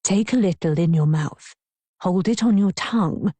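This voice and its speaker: A woman's voice: fairly low pitch, moderate pace, mellow, husky, dry recording. A woman voicing a posh, pretentious middle-aged husband who takes his wine very seriously. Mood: pompous. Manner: pretentious, earnest.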